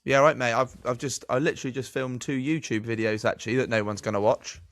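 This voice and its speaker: Bantering podcast co-host, dry sound. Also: male voice, mid-range voice, fairly even intonation, fast, fairly bright tone, dry recording. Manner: banter-heavy, self-mocking, sweary. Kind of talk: casual business podcast chat.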